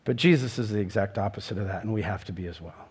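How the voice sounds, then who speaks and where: A man's voice: fairly low pitch, fast, a little mellow, slightly rough. A middle-aged man preaching a sermon in an earnest way, rising into emphatic questions. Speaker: pastor.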